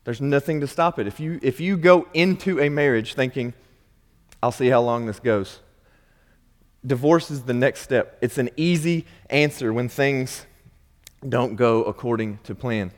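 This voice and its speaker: A man's voice: mid-range voice, a little slow. A man preaching a sermon as pastor, conversational, with wry asides and acted-out questions. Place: church sanctuary. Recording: long hall reverb.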